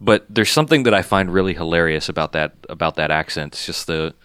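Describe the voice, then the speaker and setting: A man's voice: sits low, fast talker, fairly bright tone, clean tone, no room sound, clean studio sound. A man hosting a casual movie chat, rambling with lots of ums and cheerful swearing. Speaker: podcast host.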